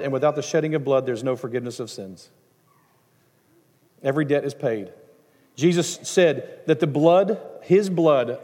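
A middle-aged man, a pastor, preaching a sermon in a conversational, animated way, with asides and acted-out quotes. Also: a little high. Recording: long hall reverb.

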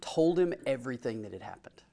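A man casually teaches a Bible class, reading scripture and putting questions to the group in an informal way. His medium-pitched voice is brisk, creaky and warm, with lively intonation.

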